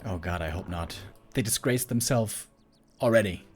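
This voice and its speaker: A man commentating a strategy game match solo, chatty and excitable, laughing often and rambling off-topic. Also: fairly low pitch, moderate pace, slight background noise. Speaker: esports caster.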